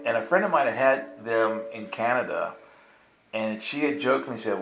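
Preacher, male, gravelly, lively storyteller who acts out dialogue; roomy church sound with steady music underneath. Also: mid-range voice, normal speed, slight background noise. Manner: animated, acts out voices and laughs through the story. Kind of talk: storytelling sermon. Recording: echoey room with music underneath. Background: soft instrumental music.

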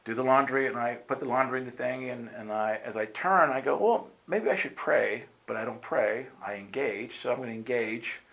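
A male preacher tells a long story to a gathered crowd, switching into character voices as he goes. His voice sits at an ordinary middle pitch. The hall around him is roomy and echoing. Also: moderate pace, creaky, hardly any pauses. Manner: animated storyteller acting out voices. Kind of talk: storytelling sermon. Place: meeting room with audience.

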